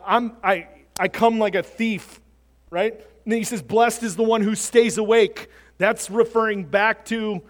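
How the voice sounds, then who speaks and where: High-voiced preacher in a reverberant hall. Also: male voice. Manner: animated, rises when quoting, restarts often. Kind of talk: sermon.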